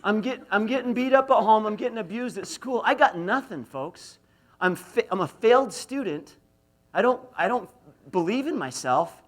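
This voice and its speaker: A middle-aged motivational speaker from Idaho, USA, lectures at a university, telling self-deprecating stories and tossing questions to the audience. His high, fairly bright voice is expressive at a normal speed.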